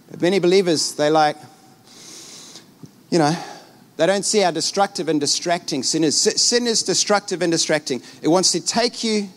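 A middle-aged man preaching as a pastor, animated and acting out little scenes. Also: fairly high pitch. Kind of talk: sermon.

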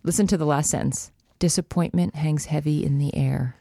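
A woman co-hosting a podcast, chatting casually and reading a novel aloud with animated character voices. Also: normal speed, gravelly, no echo, studio quality. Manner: lively, reads dialogue with raised pitch and laughs.

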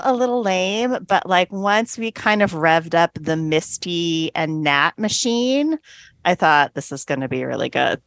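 A woman's voice: fairly low pitch, fairly bright tone, no echo, studio quality. A woman co-hosting a casual podcast, chatty and enthusiastic about the new season. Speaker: podcast co-host.

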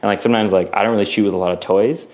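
A man's voice: on the low side, fairly even intonation, racing, a little mellow. A man in his twenties, a filmmaker, chatting loosely in an interview, rambling and swearing now and then. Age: 20s. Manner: rambling, swears, acts out quotes. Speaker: filmmaker guest. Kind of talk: casual interview talk.

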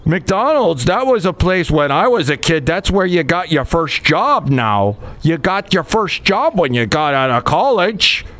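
A man's voice: on the high side, sing-song, unhurried, hardly any pauses, fairly bright tone, pitched above the performer's own voice. A man putting on a blustering older talk-radio host.

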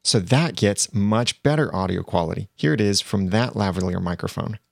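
A man teaching video editing software in a plain, step-by-step way, recorded on a lavalier mic. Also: fairly low pitch, moderate pace, vocal fry, no room sound, studio quality. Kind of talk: screen-recorded software tutorial.

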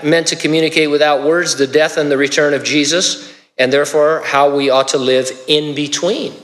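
A man preaching a conversational sermon as a pastor, relaxed, with joking asides and small restarts. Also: mid-range voice, in a large hall.

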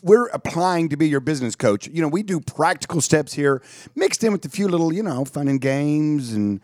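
A man's voice: on the high side, animated, normal speed, darkish tone, no echo, studio quality. A man co-hosting a talk radio show, chiming in with short, supportive reactions. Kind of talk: casual talk radio banter.

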